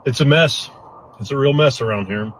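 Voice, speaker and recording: Man, emotional, blunt, plain mid pitch, faint background hiss. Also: moderate pace, low-quality recording. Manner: earnest, choked up, blunt. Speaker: hurricane survivor giving an update. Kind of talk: emotional first-person update.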